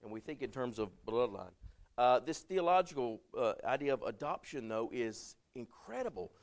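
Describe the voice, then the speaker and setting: A man's voice: medium pitch, very animated, moderate pace. A middle-aged man, a pastor preaching a conversational sermon and often checking in with "right?".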